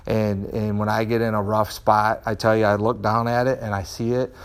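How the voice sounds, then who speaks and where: A middle-aged man, a martial arts student, telling candid personal stories in an animated way, with frequent restarts, in a dojo. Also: fairly low pitch, moderate pace, clear, resonant tone.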